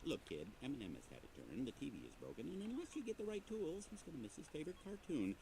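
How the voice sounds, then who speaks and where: A man's voice: on the high side, huge pitch swings, fast talker, creaky, crowd noise, heavily acted. A man voicing a bouncy, pushy cartoon game guy. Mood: urgent. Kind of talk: kids' video game dialogue.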